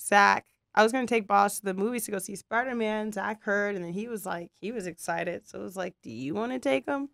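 A woman's voice: mid-range voice, brisk, gravelly, few pauses, dry recording. A woman co-hosting a podcast, chatting casually and acting out the quotes in her funny stories with bursts of laughter. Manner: animated storyteller who acts out quoted dialogue with laughter. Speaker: podcast co-host. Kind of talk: casual chat, storytelling.

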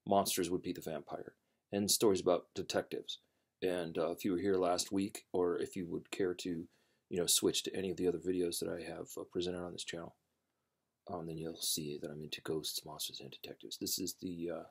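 A man hosting a storytelling channel, chatting casually before a reading, rambling and halting with many fillers and restarts. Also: low-pitched, flat delivery, vocal fry, husky.

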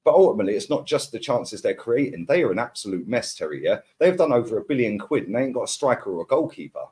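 A man's voice: mid-range voice, sing-song, quick pace, warm tone. A man, ranting as a football podcast pundit in heated casual chat, full of slang and repeated words.

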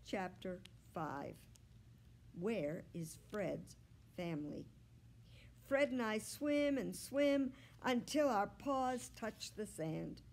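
A woman, a children's librarian, reading a children's book aloud in an expressive, unhurried way. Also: medium pitch.

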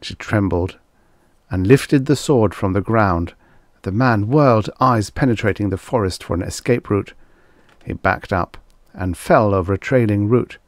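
A man's voice: fairly low pitch, a little slow, no echo, studio quality. A man reading vintage science fiction aloud as an audiobook narrator, telling the story expressively. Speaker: audiobook reader.

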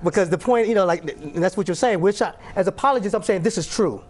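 A man hosting an interview, asking questions and telling stories in an emphatic, repetitive way. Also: high voice. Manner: brisk, emphatic, repeats words. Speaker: host, apologist.

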